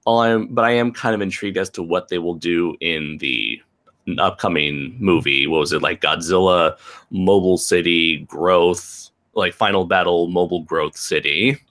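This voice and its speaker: A man's voice: sits low, moderate pace, fairly bright tone. A man hosting a casual live stream, laughing often and reading out viewer comments.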